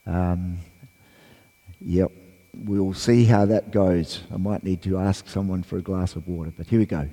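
A man with a croaky voice giving a sermon as a guest preacher, hesitant with fillers, then reading scripture and praying with fervour. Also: low-pitched, fairly even intonation, measured pace. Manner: hesitant, many fillers, then rises into loud fervent reading. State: croaky voice from a cold. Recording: long church reverb.

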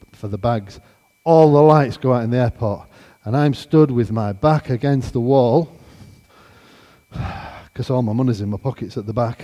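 Warm-voiced man telling a story. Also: medium pitch, in a large hall. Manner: animated, acts out conversations. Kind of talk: storytelling testimony.

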